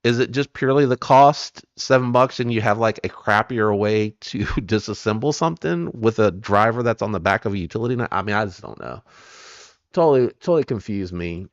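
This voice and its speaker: A low, gravelly man talks through a relaxed, rambling live stream and greets viewers by name. The sound is dry and a little dull, like a lo-fi desk mic. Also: a little fast, no room sound. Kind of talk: casual live-stream chat.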